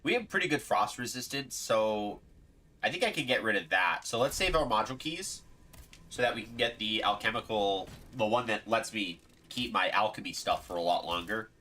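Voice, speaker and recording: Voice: medium pitch, expressive, moderate pace, pushed and bright, a little hiss or hum. A game streamer giving casual live commentary, playfully exasperated and laughing often.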